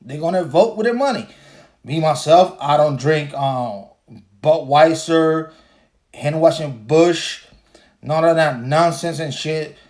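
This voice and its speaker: A man's voice: on the high side, takes it slowly, a little mellow. A man hosting a livestream podcast in a casual, profane rant, repeating himself and laughing as he talks. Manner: profane, repetitive, laughs while talking. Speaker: podcast host.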